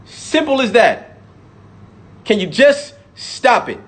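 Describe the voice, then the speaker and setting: Guy with a high voice going off, cursing a lot, repeats himself for emphasis. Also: wildly swooping pitch, slow, a bit bright. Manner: profane, repetitive, emphatic; mocks imagined critics in sudden voices. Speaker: rapper speaking out. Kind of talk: impassioned monologue.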